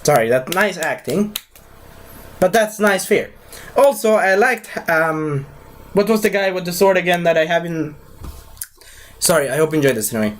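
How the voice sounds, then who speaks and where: A young man giving a casual live movie review, rambling and excitable, with lots of fillers and broken grammar. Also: high voice, moderate pace, long pauses.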